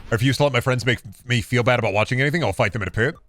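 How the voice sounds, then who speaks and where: A man's voice: medium pitch, racing, a bit bright, faint music behind. A male streamer in casual live-stream chat, ranting sarcastically and swearing.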